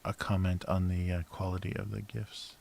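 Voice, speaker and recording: Low-pitched male cartoonist, casual livestream chatter while drawing, mumbly, trails off. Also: flat delivery, moderate pace, gravelly, a little hiss or hum. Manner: mumbling to himself, trailing off, soft laughs.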